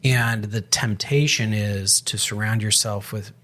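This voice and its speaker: A man's voice: on the low side, fairly even intonation, unhurried, fairly bright tone. A man co-hosting a faith podcast, a pastor telling a story in casual conversation, with frequent restarts. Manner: storytelling with many restarts and quoted dialogue.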